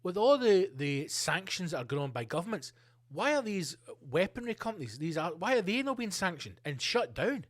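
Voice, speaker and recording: A man hosts a solo podcast with a slightly raised voice. He rants and swears freely, jumping from one tangent to the next. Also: sits high. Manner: sweary, ranting, jumps between tangents. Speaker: podcast host.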